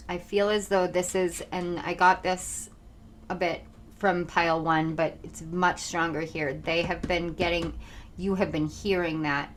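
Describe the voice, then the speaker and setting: A young woman giving a channeled tarot reading to her viewers, talking fast, intense and earnest. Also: on the low side, slight background noise. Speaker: tarot reader.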